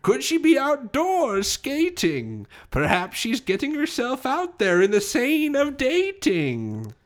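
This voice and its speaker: A man's voice: very high-pitched, wildly swooping pitch, takes it slowly, pitched above the performer's own voice, full character voice. A man voicing a strange hunched old woman in a purple cloak who speaks in cryptic rhymes. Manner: rhyming, cryptic and singsong.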